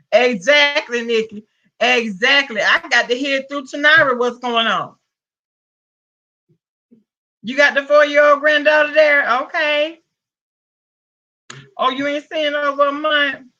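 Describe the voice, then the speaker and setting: Slow-talking high-voiced Southern woman. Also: pushed and bright, dull audio. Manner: greets viewers with pet names, Southern US slang. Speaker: livestream host. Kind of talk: casual live-stream chat.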